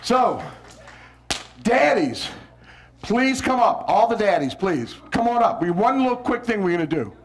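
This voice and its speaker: A man from New Orleans, a visiting poet, coaching children and parents to recite with expression, coaxing them along and breaking into shouted lines. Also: high voice, sing-song, unhurried, a little hiss or hum. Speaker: visiting poet leading a school workshop. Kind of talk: lively workshop with children and parents.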